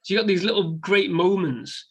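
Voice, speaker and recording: A man in casual podcast chat about a film, animated and sweary, acting out lines from scenes. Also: sits high, normal speed, vocal fry, breathy edge. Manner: animated, swears freely, acts out quotes. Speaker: podcast co-host.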